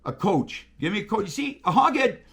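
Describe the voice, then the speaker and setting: A man telling railroad stories in casual chat, animated and profane, acting out radio calls. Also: high voice, fairly quick. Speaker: guest, railroader.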